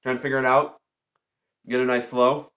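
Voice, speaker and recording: A man's voice: medium pitch, little pitch movement, normal speed, a bit bright. A man hosting a tarot livestream in casual chat, repeating himself and greeting viewers by name.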